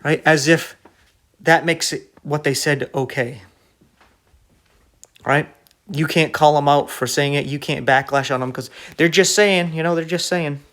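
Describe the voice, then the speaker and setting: A man's voice: fairly high pitch, fairly even intonation, a little slow, pauses often, a bit bright. A man preaching an online sermon in an emphatic, rebuking way, full of rhetorical questions.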